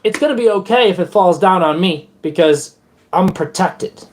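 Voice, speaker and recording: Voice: mid-range voice, lively intonation, moderate pace. Playful rambling live streamer. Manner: playful, rambling, breaks into improvised silly songs. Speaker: livestream host and musician. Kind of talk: casual live-stream chat.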